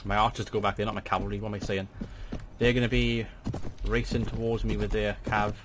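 A young man giving chatty let's play commentary as a gaming channel host, swearing in sudden excited outbursts at a desk microphone. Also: lowish voice, a little fast, background noise.

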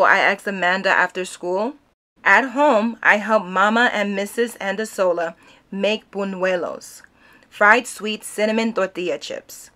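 A woman reading a children's picture book aloud, narrating in an expressive storytelling manner. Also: medium pitch, unhurried.

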